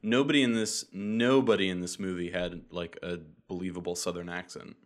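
A man's voice: low voice, fairly even intonation, brisk. A man from the American South co-hosting a casual podcast, blunt and opinionated. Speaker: podcast co-host. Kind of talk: casual chat.

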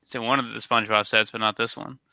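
A man's voice: lowish voice, flat delivery, fast talker, pushed and bright, smooth, no echo, highs cut off. A young man co-hosting a casual chat, opinionated and rambling as he picks apart toy sets. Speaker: co-host reviewing toy sets.

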